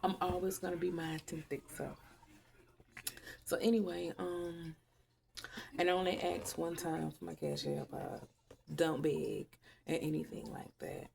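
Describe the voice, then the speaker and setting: A woman talks straight to her viewers in a casual vlog. She is blunt, profane and opinionated. Her voice sits a little low, with a heavy gravelly fry. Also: unhurried, pauses often, a little mellow, slight background noise. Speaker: YouTube vlogger.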